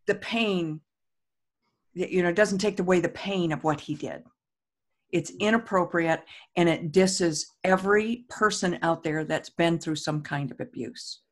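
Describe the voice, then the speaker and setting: Middle-aged woman host, earnest, emphatic; guided tapping with affirmations. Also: fairly low pitch. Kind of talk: casual talk and guided tapping.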